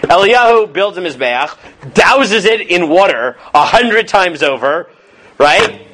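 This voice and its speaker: A rabbi with a fairly high, bright voice leads a relaxed Torah class at an unhurried pace. He shifts between chanting Hebrew verses and loose, lively paraphrase, acting out quoted lines. He keeps checking in with his students, asking questions often and tacking on "right?"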